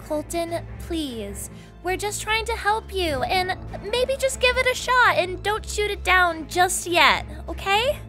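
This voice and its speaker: Squeaky-high sweet superhero mom, soft and fussing, music behind as a woman voices her. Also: animated, unhurried, hardly any pauses, full character voice. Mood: pleading. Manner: soft, doting, pleading.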